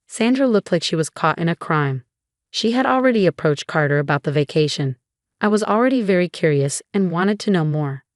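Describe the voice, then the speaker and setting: A woman narrating a first-person story with an even, flat delivery. Her voice sits low for a woman, and the recording is dry and close. The reading stays scripted and steady throughout. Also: a little fast, no echo.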